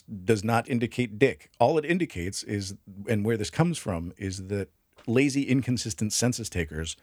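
A man's voice: lowish voice, darkish tone, dry recording, studio quality. A man co-hosting a casual history podcast, joking and swearing as he explains. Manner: profane, jokey, laughs often. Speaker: podcast co-host.

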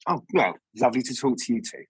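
Male stage actor as interview guest, husky tone, dry close mic, chatty and digressive. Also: medium pitch, lively intonation, fast, no echo. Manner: rambling, self-interrupting anecdotes with many restarts. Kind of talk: casual interview storytelling.

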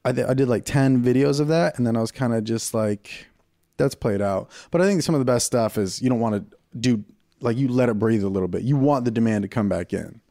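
A young adult man on a comedy livestream, chatting casually and acting out bits in high silly voices. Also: fast, gravelly, dark tone, dry recording, clean studio sound. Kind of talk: casual chat.

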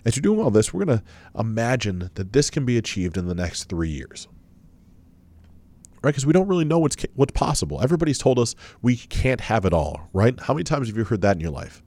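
A man's voice: medium pitch, very animated, a little fast, warm tone. A man giving a self-help talk and leading listeners through a guided visualization, coaching them with many questions.

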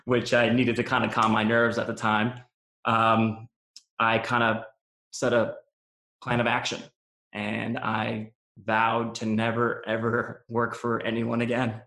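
Guy with a gravelly voice opening up about his past in an interview, lots of ums, echoey room. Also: lowish voice, a bit bright. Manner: candid and reflective, many "um" and "you know". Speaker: interview guest, business founder. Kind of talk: personal storytelling in an interview. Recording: roomy echo.

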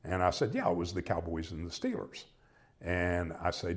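Older american man, very deep voice, reflective storyteller, halting delivery. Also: lively intonation, a little mellow. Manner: reflective, halting, with many restarts and quoted dialogue. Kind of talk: personal storytelling.

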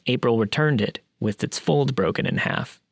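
Gravelly man narrating a creepy story. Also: medium pitch, expressive, normal speed, dry recording, clean studio sound. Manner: wry, blunt, casual swearing.

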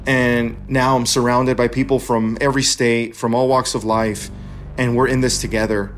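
A man's voice: mid-range voice, little pitch movement, normal speed, soft background music. A man from California in his thirties, earnestly telling his own life story and acting out the dialogue he recalls. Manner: earnest, acts out quoted dialogue. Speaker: veteran storyteller. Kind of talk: personal narration.

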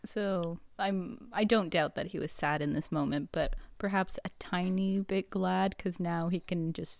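A woman's voice: on the low side, steady tone, unhurried, gravelly, no room sound. A young woman co-hosting a podcast in casual chat, laughing often and teasing playfully. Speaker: podcast co-host.

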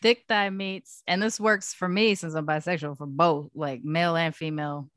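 A woman's voice: deep voice, fairly even intonation, moderate pace, a bit bright, no echo. A woman co-hosting a podcast in casual chat, teasing and laughing often, playfully blunt.

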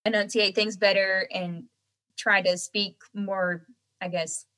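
A young woman with a softened Southern American accent, chatting casually as a guest and laughing often. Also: medium pitch, fairly even intonation, takes it slowly, rough recording. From Southern United States. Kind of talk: casual chat.

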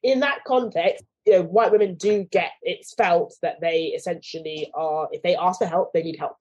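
A woman's voice: on the low side, normal speed, darkish tone, breathy edge, lo-fi sound. A woman being interviewed, speaking thoughtfully and acting out the voices of people she quotes. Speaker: guest. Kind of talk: conversational interview.

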